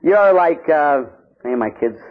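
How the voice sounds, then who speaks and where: A Catholic priest preaching an animated, jokey sermon, acting out little scenes for his listeners. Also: fairly high pitch, slow pace, narrow, tinny audio. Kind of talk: lively sermon with acted-out stories.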